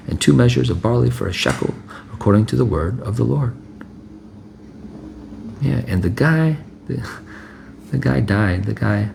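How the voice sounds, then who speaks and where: Gravelly low-voiced man preaching casually. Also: a little mellow, slight background noise. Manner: conversational, keeps asking "right?", chuckles, repeats himself. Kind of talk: informal sermon, reading and explaining scripture.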